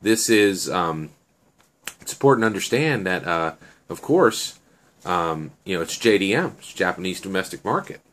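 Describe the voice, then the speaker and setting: A man's voice: low-pitched, sing-song, normal speed, a bit bright. A man voicing a proud young delivery guy who earnestly lectures about respect and his car, in a slightly raised voice. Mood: boastful.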